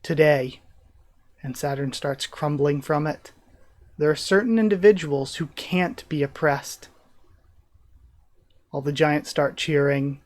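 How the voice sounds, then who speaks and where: A man hosting a live manga reaction, reading panels aloud and commenting excitedly. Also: a little high, slow, long pauses. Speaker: reaction channel host.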